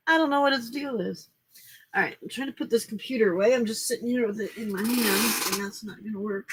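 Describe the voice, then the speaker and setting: A woman's voice: on the high side, fast, slightly rough. A woman hosting a casual late-night crafting livestream, chatty and upbeat, greeting viewers by name. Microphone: desk microphone.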